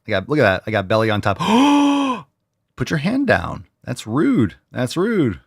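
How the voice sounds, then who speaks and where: A man's voice: mid-range voice, wildly swooping pitch, moderate pace, gravelly, slightly rough, no echo, studio quality. A man hosting a fitness talk show, ranting crudely and heatedly with sarcastic mimicry. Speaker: host. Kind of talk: profane ranting commentary.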